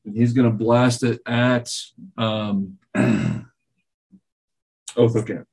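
A man narrating as game master in a tabletop game, laid-back and halting, laughing easily with his players. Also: mid-range voice, steady tone, a little mellow, slightly rough.

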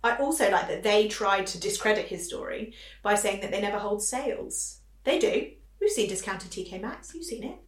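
A woman in her thirties, co-hosting a casual podcast chat in a chatty, teasing, quick-witted way. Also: mid-range voice, animated, reverberant, distant mic. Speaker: podcast co-host.

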